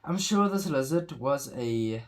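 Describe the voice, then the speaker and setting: A man's voice: medium pitch, lively intonation, measured pace, voice pushed up, close to an everyday voice. A man reading the lines of a confident, knowledgeable field biologist who reassures worried parents. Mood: reassuring. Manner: confident, explanatory.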